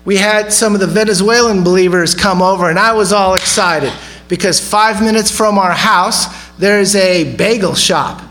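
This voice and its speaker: A man's voice: high voice, normal speed, a bit bright, faint music behind, poor audio. A man preaching a sermon in a conversational way, often asking the audience questions. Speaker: pastor.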